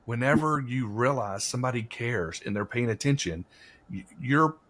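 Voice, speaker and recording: Man, casual podcast talker, husky voice, meandering storyteller. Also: mid-range voice, expressive, normal speed, fairly bright tone. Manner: rambling storyteller, many fillers. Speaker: podcast conversation partner. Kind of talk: casual conversation.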